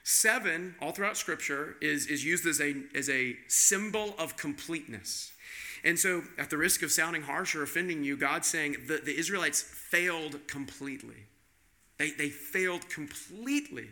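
Male pastor, slightly high voice with a very bright edge; conversational sermon built on rhetorical questions. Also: moderate pace.

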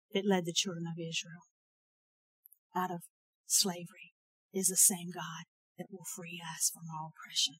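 A woman preaching a sermon and telling a personal story, earnest and swinging between emphatic and hushed delivery. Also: medium pitch, no echo, low-quality recording.

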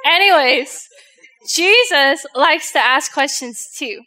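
Young woman, youth-group speaker, high and bright, casual joking sermon delivery. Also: animated, takes it slowly. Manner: chatty, filler-heavy, jokes with the audience.

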